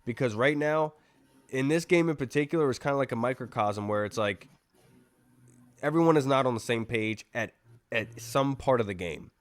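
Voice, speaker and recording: A man's voice: mid-range voice, moderate pace, no echo. A man hosts a sports podcast in a chatty, rambling way, thinking aloud through his points. His voice sits in a middle register and sounds dry and close to the mic. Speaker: podcast host. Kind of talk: casual sports podcast talk.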